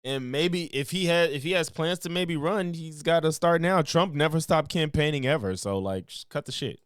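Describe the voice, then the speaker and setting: A man's voice: a little high, moderate pace, smooth, no echo, clean studio sound. A man casually reacting to a video clip, rambling with many restarts and some swearing.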